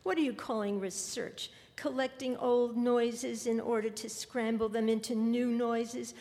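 A woman's voice: on the high side, steady tone, measured pace, darkish tone. A woman reading the lines of a scornful, scolding father in a literary story. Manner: mocking, scolding. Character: scornful middle-aged father, grumbling at money. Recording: long hall reverb.

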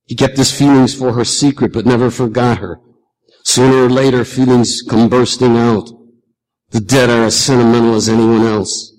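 A man reading aloud and voicing an old grandfather with a low, raspy voice, who lectures and teases about music. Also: darkish tone, lightly acted, rough recording. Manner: teasing, lecturing.

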